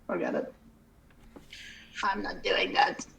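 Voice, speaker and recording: A woman's voice: mid-range voice, big pitch swings, slow, gravelly, bright, forceful tone. A woman playing a tabletop game online, hesitant and thinking aloud. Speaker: player. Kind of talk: casual tabletop play. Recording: distant, dull online mic.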